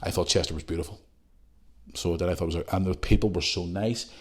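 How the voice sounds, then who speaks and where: A middle-aged man with a Northern Irish accent chats casually as a podcast host, reading out messages from listeners. His voice sits a little low. He talks in a loose, rambling way and drifts into jokey asides. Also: steady tone, fast talker. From Northern Ireland.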